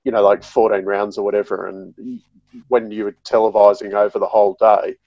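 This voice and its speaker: A man chatting as a podcast guest over a call, relaxed and hedging with fillers. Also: lowish voice, fairly quick, no room sound, highs cut off. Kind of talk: casual chat. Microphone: video call.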